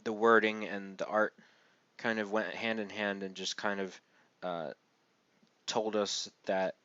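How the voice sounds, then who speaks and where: A man's voice: on the low side, fairly bright tone, dry recording, highs cut off. A man casually reviewing a manga chapter, rambling with many fillers and the occasional sarcastic aside.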